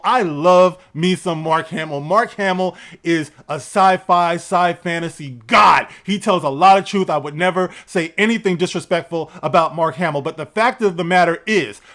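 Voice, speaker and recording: A man giving ranting, profane commentary, sarcastic and quick to laugh. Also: high voice, a bit bright. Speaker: entertainment news vlogger.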